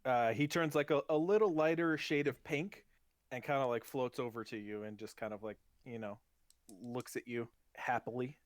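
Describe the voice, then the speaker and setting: A man running a tabletop game as dungeon master, narrating casually with many pauses and restarts. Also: medium pitch, no room sound. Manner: loose, halting narration with many ums and restarts.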